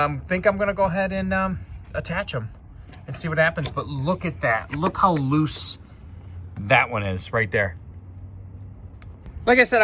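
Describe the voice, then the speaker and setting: A man's voice: on the high side, a bit bright, a little hiss or hum. Chatty rambling man fixing an RV outdoors. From United States. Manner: chatty, rambling, self-correcting. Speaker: RV repair vlogger. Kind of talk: casual how-to vlog.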